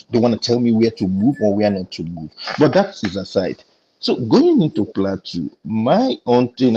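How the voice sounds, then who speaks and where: A man's voice: on the low side, warm tone, husky, muffled recording. A man with a Nigerian accent in a casual panel discussion, telling an indignant story and acting out the exchanges.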